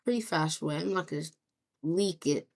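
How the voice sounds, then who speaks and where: A woman improvising a rambling story narration, acting out groups of people in quick quoted asides. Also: sits low, creaky, darkish tone. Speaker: map series narrator.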